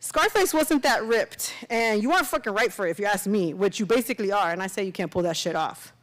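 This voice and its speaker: A woman's voice: medium pitch, lively intonation, fast, fairly bright tone, natural voice, poor audio. A woman voicing a brash, crude young man who trash-talks a former classmate with swagger and profanity. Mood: mocking.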